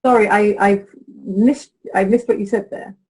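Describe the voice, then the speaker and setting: Husky-voiced woman coach telling stories. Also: medium pitch, moderate pace, low-quality recording. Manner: animated, laughing, storytelling. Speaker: guest, relationship coach. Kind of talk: interview conversation.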